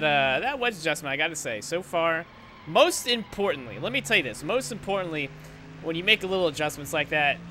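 A young man talks his way through a racing game in a rambling, sarcastic commentary and swears when things go wrong. His voice sits a little high for a man. A loud engine roar runs behind him the whole time. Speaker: gaming YouTuber. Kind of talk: casual gameplay commentary. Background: game engine noise.

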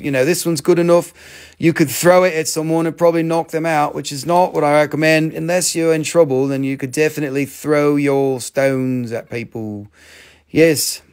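A man's voice: on the high side, a little mellow. A man hosting a live rock sales stream, joking and rambling in playful sales patter.

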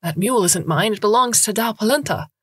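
A woman's voice: mid-range voice, animated, fairly quick, fairly bright tone, slightly rough, no room sound, studio quality, voice pushed up. A woman playing a grown male poet, talking in a wry, stubborn way. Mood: dry.

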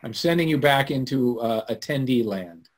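A man hosting a live webinar, telling a story in an animated way that swings from loud to hushed. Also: mid-range voice, moderate pace. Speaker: webinar host. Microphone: computer mic on a video call.

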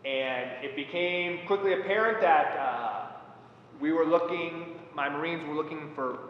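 Man in an echoey hall, measured talk. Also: fairly high pitch, slight background noise. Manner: measured, pausing with many fillers. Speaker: former Marine platoon commander. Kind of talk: reflective talk. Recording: echoey hall, dull lo-fi sound.

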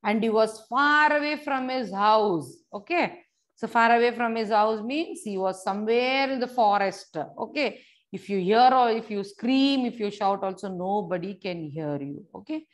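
A woman's voice: a little high, moderate pace. A woman teacher, reading a story aloud to young children and explaining each word simply. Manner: repeats and explains words simply, addresses children directly.

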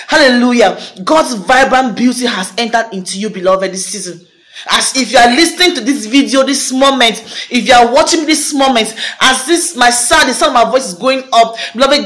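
Fervent woman preacher with a high voice. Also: a bit bright. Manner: fervent, repetitive, declaring phrases again and again; rising to a fervent high pitch at climaxes. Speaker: prophetic minister. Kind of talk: prophetic declaration to a video audience.

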